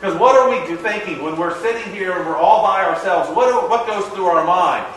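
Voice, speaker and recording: A middle-aged man from the American South giving a motivational talk, telling a story in a lively way and acting out the dialogue. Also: high voice, brisk, slight background noise. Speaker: motivational speaker. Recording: echoey hall, distant mic.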